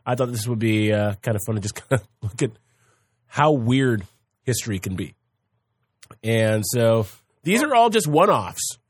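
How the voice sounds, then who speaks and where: A man's voice: medium pitch, expressive, moderate pace, pauses often, slightly rough, dry recording. A man co-hosting a casual podcast as its historian, laid-back and swearing freely. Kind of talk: casual chat.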